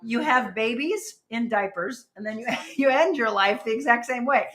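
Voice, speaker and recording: A middle-aged woman hosts a casual livestream show. Her voice sits a little high and sounds bright and forceful. She chats freely, laughs often, and throws quick asides to the people in the room. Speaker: host.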